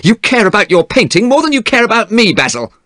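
A man's voice: medium pitch, big pitch swings, moderate pace, fairly bright tone, husky, no room sound, clean studio sound, pitched above the performer's own voice, full character voice. A man voicing a vain young man who fears growing old, reading him with an emotional, pleading delivery. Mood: upset.

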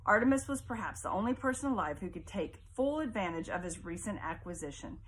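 A woman reading a novel aloud as audiobook narration in a measured, expressive way. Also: mid-range voice, a little hiss or hum. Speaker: audiobook reader.

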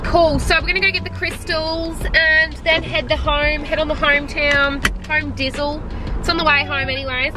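Giggly, high-voiced woman vlogging. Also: moderate pace, loud music behind the voice. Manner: giggly, rambling, sweary. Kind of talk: casual vlog chat.

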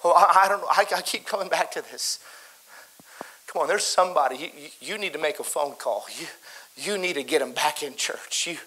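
A man preaching a fervent sermon in a church, full of repetitions and stammered restarts, swinging between loud exhortation and softer pleading. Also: fairly high pitch, a little fast, husky. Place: church sanctuary.

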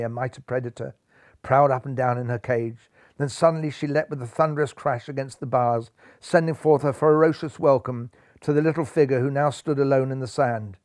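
A man's voice: medium pitch, a little mellow, no echo, clean studio sound. Man reading a children's story dramatically. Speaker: narrator.

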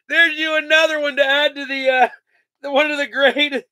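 A man's voice: extremely high pitch, little pitch movement, normal speed, bright, forceful tone, no room sound. A man hosting a live sports card break, joking, laughing and rattling off player names as he opens packs. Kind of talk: casual live card-opening chat.

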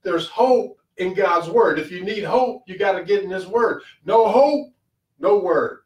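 A man's voice: sits high, measured pace. Man, pastor, fervent repetitive sermon, echoey room, distant mic. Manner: fervent preaching with repetition and rising emphasis.

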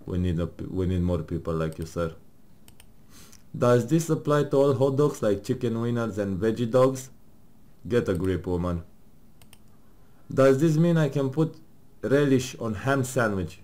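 A man's voice: medium pitch, lively intonation, unhurried, long pauses, a little mellow. Joking man reading game text aloud. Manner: jokey, laughs often, swears casually. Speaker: gamer playing with partner.

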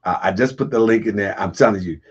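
A man hosting a casual livestream, husky and getting over a cold, talking to viewers, laughing often and answering chat comments. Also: on the low side, fast, dull audio. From Baltimore area. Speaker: livestream host.

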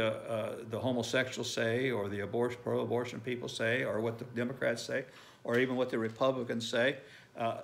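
A man's voice: medium pitch, creaky, a bit bright. An older man in his sixties preaching a sermon, emphatic, repeating phrases and reading scripture aloud. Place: church sanctuary.

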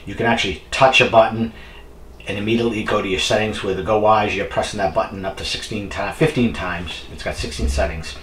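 Low-voiced man chatting in an echoey kitchen. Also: steady tone, brisk, fairly bright tone. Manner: rambling, talks while eating. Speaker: product reviewer. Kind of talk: casual chat. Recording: roomy echo, faint background noise.

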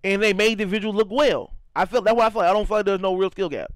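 Speaking quickly in a high voice, this young St. Louis man offers casual live-stream commentary as he games, bouncing off chat messages. He rambles and repeats himself, often dropping "you know what I'm saying"; the recording is rough but free of room sound.

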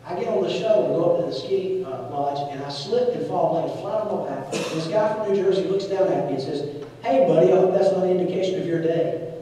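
A pastor in his forties preaches a sermon in a church sanctuary, telling a story and animatedly acting out the voices of its characters. His voice sits high and moves a little fast. The mic is distant in the echoey hall, with slight background noise.

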